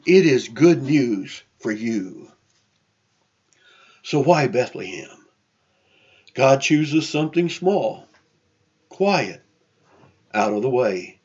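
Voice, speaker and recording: A man preaching a sermon slowly and emphatically, repeating phrases for stress, with frequent "you know" fillers. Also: a little high, breathy edge, muffled recording.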